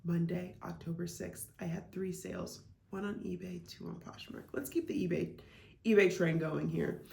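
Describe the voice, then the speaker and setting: A woman from Iowa talks casually to camera about her reselling, her fillers running through every sentence. Her voice sits low with a gravelly edge, and the room around her rings with echo. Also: steady tone, moderate pace, mellow. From Iowa, United States. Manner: chatty, with frequent "like" and "um" fillers. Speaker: reseller vlogger. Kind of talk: casual vlog chat. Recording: echoey room.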